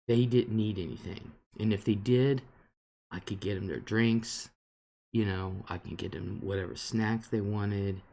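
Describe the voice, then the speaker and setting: A lowish, dark-toned man hosts an informal live stream, reading viewer comments aloud and replying. His manner is rambling and indignant, packed with fillers.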